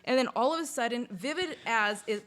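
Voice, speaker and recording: A woman in casual conversation, telling a personal story in a lively, chatty way, with lots of "like" and some swearing. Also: a little high, a little fast. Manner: chatty, full of "like", swears freely; lively retelling, acts out sounds and inner voices. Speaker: podcast guest.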